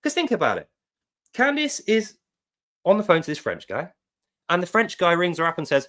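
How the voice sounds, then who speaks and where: A man's voice: high voice, huge pitch swings, normal speed, long pauses, a bit bright. A man giving sarcastic reaction commentary, mocking what he reads aloud. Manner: mocking, reads quotes aloud in put-on voices. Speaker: online commentator.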